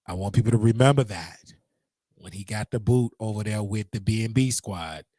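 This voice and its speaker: A man's voice: on the low side, mellow, no room sound, clean studio sound. A man hosting a casual livestream, talking to his chat in a rambling, repetitive way with preacher-like call-outs. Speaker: livestream host.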